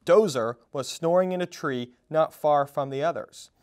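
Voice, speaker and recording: A man reading a children's storybook aloud at a storytime, in an expressive, animated way. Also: on the high side, normal speed. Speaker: storytime reader.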